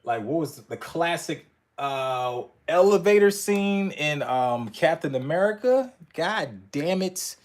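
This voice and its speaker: A man's voice: a little high, slow. A man chatting casually on a live stream as he reacts to movie clips, swearing a lot and laughing often. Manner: profane, animated, laughing often. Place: indoors in front of a screen.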